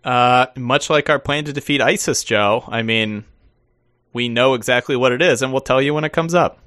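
A man's voice: mid-range voice, normal speed, fairly bright tone, no room sound, clean studio sound. A man co-hosting a casual podcast, joking and swearing freely as he talks. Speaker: podcast co-host. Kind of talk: casual chat.

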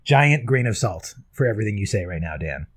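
A man's voice: fairly low pitch, big pitch swings, fairly quick, no room sound, clean studio sound. A man hosting a casual podcast, chatty and self-deprecating, often breaking into laughter. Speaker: podcast host.

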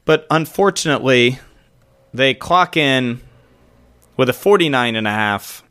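A man's voice: medium pitch, lively intonation, measured pace, a bit bright, clear, resonant tone. A man co-hosting a podcast over a remote call, chatting casually with a joking, rambling manner. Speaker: podcast co-host. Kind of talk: casual chat.

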